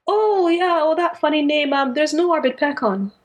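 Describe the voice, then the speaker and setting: A sweetly dismissive witch, put on by a woman retelling a story, her voice pitched up high and airy. She drifts through each phrase with light, amused unconcern, as if nothing matters. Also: normal speed, highs cut off, slight background noise, natural voice.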